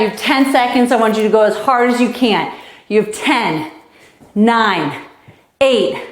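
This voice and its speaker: Female tennis coach, slightly high voice, out of breath, upbeat and encouraging, echoey room. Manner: encouraging, coaching while hitting and counting. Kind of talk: live online kids' tennis lesson.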